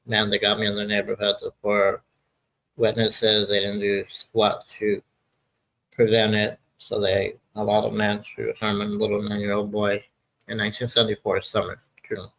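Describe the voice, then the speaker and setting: Gravelly low-voiced man in his sixties. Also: bright, forceful tone, low-quality recording. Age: 60s. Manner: rambling, often loses his train of thought. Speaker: livestream host. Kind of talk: casual live chat.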